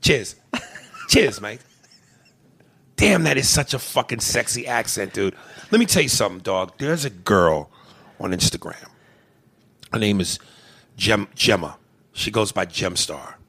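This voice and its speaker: A young man co-hosting a podcast, reading listener emails and trading crude jokes, loud and animated, shouting one moment and murmuring the next. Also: on the low side, normal speed, gravelly, slightly rough. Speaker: podcast co-host. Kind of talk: crude comedic podcast banter.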